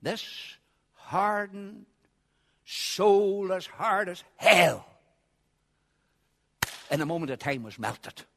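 A man preaching a sermon, swinging from quiet asides to loud, shouted passages. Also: high voice, expressive, extremely slow, long pauses. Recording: long hall reverb.

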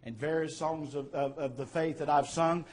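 A male preacher delivers a sermon in a fairly high voice. He builds to emphatic, louder peaks, then drops back to soft, conversational asides. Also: fairly even intonation, normal speed. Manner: preaching with rising, emphatic swells and quieter asides.

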